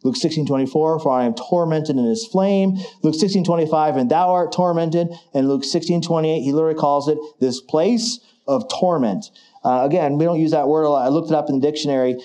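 A middle-aged man preaching a sermon, building to emphatic declarations. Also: fairly high pitch. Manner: emphatic, rising to forceful declarations.

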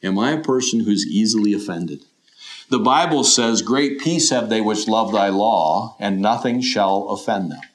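A man's voice: on the low side, normal speed. A middle-aged man preaching a sermon in an earnest, questioning way, often voicing imagined listeners. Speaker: pastor.

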